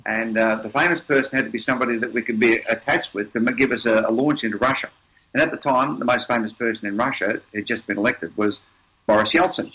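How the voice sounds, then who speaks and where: A man's voice: mid-range voice, fairly even intonation, fast talker, pushed and bright, rough recording. An older man, a seminar presenter, talking as an interview guest and telling stories with emphatic, repeated points. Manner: emphatic, repeats words while building a point. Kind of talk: storytelling conversation.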